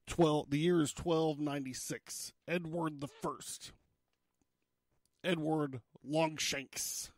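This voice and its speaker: A man with a somewhat high voice tells a history story on his podcast in a loose, conversational way. He swears freely and breaks off into jokey asides. The sound is dry and close. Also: fairly even intonation, very slow, no room sound. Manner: casual and profane, with jokey asides. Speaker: podcast host.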